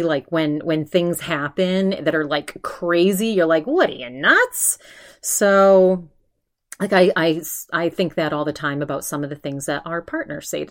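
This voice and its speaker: A woman hosting a solo podcast, chatting casually and retelling stories with lively mimicry and plenty of fillers. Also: low-pitched. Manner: animated retelling, mimics others' voices; chatty, lots of fillers and restarts. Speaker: podcast host.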